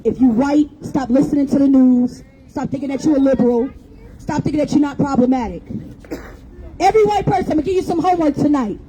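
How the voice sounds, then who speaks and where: High, mellow-voiced woman giving a blunt rally speech. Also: slight background noise, low-quality recording. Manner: blunt, profane and mocking, with jokes. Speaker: rally speaker. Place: outdoor public rally in a city square.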